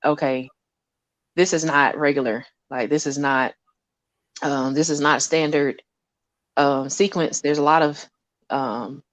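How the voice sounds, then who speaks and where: A woman scientist talking casually about her lab work, animated and often laughing as she acts out conversations. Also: sits low, a little slow, pauses often, no room sound.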